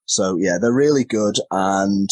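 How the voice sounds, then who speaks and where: A man's voice: fairly low pitch, unhurried, a little mellow, no echo. A man talking casually as a podcast guest, candid and self-deprecating, laughing often, heard over a remote call. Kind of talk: casual chat.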